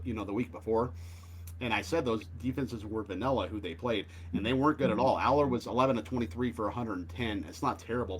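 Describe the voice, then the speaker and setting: A man's voice: fairly low pitch, poor audio. A man hosting a sports betting show, talking casually and animatedly with many fillers.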